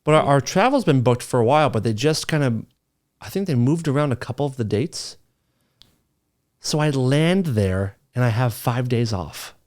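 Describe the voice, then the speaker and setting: A man co-hosting a casual podcast chat, joking with deadpan sarcasm and asking his co-host lots of questions. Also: medium pitch, normal speed.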